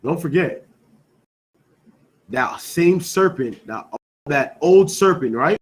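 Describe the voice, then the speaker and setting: A man with a somewhat high voice leads a scripture class. He teaches by call and response, repeating his questions and stressing each key word, with a steady "you know what I'm saying" running through his talk. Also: slow pace, poor audio. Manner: quizzing students with repeated questions, emphatic.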